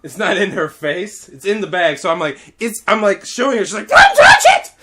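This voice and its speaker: A man hosting a podcast, telling a story in casual chat, animated, laughing often and swearing freely. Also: high-pitched, a little fast.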